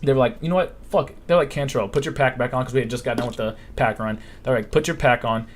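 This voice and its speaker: A man's voice: medium pitch, steady tone, quick pace, slight background noise. A young man in his twenties hosting a casual live-stream Q&A, telling blunt, profane stories and acting out what others said. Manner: blunt, profane storytelling, acts out quotes. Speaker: live stream host answering questions.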